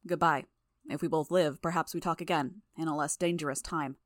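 A woman voicing a calm, formal male hero who calls himself a madman, speaking in a measured, polite way. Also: sits low, no echo, studio quality, natural voice. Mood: solemn.

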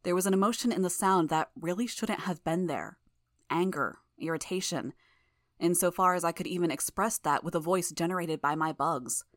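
A woman narrating a fan audiobook in the first person with a measured, even reading. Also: lowish voice, no echo, studio quality.

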